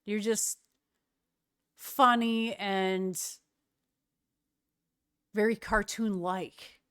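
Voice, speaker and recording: A woman streaming from home, chatting easily with her viewers at a mid pitch. She talks in a relaxed way and laughs often. Her voice sits dry and close to the desk mic. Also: very slow, clear, resonant tone, no room sound. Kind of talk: casual chat with viewers.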